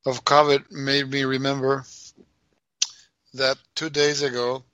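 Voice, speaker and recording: A man co-hosting a casual podcast chat, halting and repeating words, asking wry questions. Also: medium pitch, little pitch movement, bright, forceful tone, no echo. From Minnesota, United States. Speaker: podcast co-host.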